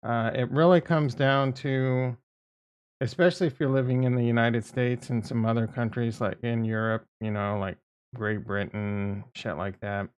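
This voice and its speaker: A man's voice: mid-range voice, steady tone, normal speed, clear, resonant tone. A man giving casual market commentary as a video host, blunt and profane, repeating his points and getting exasperated. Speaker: crypto and stock market YouTuber.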